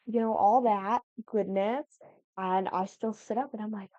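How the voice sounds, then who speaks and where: A woman's voice: mid-range voice, fairly even intonation, measured pace, dark tone, dry recording. A 19-year-old woman chatting casually at home over gameplay, rambling and giggly, jumping from thought to thought. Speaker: gaming YouTuber. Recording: dull lo-fi dry sound.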